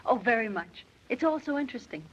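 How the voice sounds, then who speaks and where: A woman's voice: fairly high pitch, expressive, fast talker, fairly bright tone, slightly rough. An actress playing an earnest, caring young woman clerk in a 1930s film. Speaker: new employee in a film. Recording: dull old 1930s film soundtrack.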